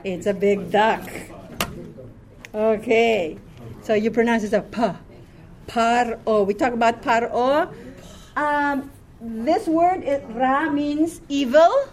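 A woman's voice: fairly high pitch, takes it slowly, pauses often, a little mellow. A woman teaching a classroom Hebrew reading lesson, patiently quizzing her students word by word.

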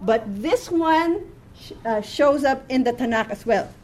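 A woman leads a classroom reading lesson, patient and methodical as she quizzes students one word at a time. Her voice sits a little high, and she takes her time. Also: expressive, unhurried, darkish tone. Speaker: Hebrew reading teacher.

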